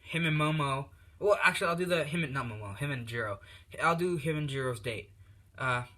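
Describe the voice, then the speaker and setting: A man's voice: on the high side, brisk, bright, forceful tone. A man telling an improvised fan story in a rambling way full of fillers, recorded on a tablet.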